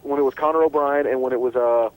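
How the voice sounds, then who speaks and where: A man hosts a casual sports radio talk show, animated and rambling, restarting his sentences again and again. His mid-range voice is fast, and the recording is dry and rough.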